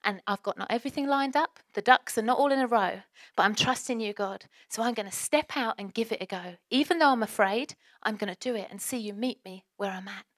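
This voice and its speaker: A woman's voice: fairly high pitch, a little fast, no echo, studio quality. A woman preaching a sermon as a pastor, earnest and exhorting, firing off rhetorical questions.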